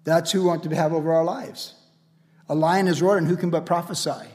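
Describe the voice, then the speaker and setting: A male pastor with a notably high voice delivers a lively, casual sermon. He leans on repeated refrains and builds energy as he goes. The sound carries a long, church-like reverb. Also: fast. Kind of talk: radio sermon.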